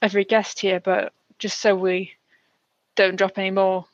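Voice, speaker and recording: A woman's voice: mid-range voice, level tone, moderate pace, no echo, muffled recording. A woman playing a tabletop game, speaking politely with many stammers and restarts. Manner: polite, hesitant, stammering in character. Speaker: player. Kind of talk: tabletop role-play.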